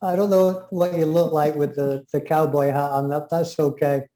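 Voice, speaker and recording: A man's voice: on the high side, flat delivery, normal speed, mellow, echoey room, poor audio. A man with an English accent, co-hosting a casual chat, talking enthusiastically and often trailing off mid-sentence. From England. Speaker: co-host.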